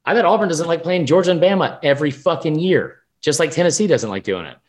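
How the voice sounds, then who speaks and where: A man co-hosting a sports podcast, talking in a rambling, animated, profane way. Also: on the high side, quick pace. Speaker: podcast co-host. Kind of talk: casual sports chat.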